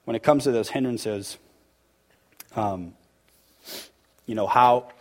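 A man with a mid-range voice speaks slowly, leading a church group through a casual, interactive sermon. He quizzes his listeners in a conversational way and becomes more emphatic, eventually turning heated and emotional.

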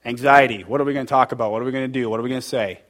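A man's voice: mid-range voice, steady tone, very fast, fairly bright tone. Guy preaching to a church group, chatty and worked up, keeps asking the crowd stuff. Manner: conversational and emphatic, quizzing the audience; gets heated and emotional. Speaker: church teacher leading a group. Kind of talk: interactive sermon.

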